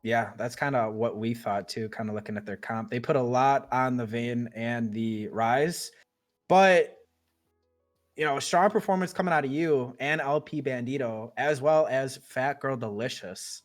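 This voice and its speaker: A man's voice: mid-range voice, fairly even intonation, unhurried, faint music behind. A man, an esports caster, interviewing players in a casual, easygoing way. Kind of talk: interviewing players after a match.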